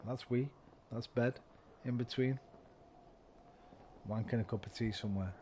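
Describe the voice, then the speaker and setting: A man streaming games, tipsy and slightly slurring, rambling and swearing, swinging from loud bursts to low mumbles. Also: fairly even intonation, a little slow, slight background noise. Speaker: game streamer. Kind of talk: casual stream chat.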